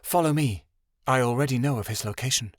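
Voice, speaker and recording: A man doing a calm, solemn mystic she-wolf. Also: mid-range voice, brisk, dry recording, studio quality, natural voice. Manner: quiet, solemn. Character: mysterious sandy she-wolf, calm and commanding.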